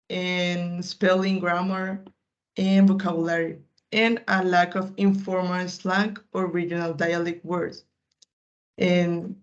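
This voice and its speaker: A woman's voice: mid-range voice, lo-fi sound. A young woman student giving a class presentation, hesitant with many fillers and restarts. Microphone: computer mic on a video call.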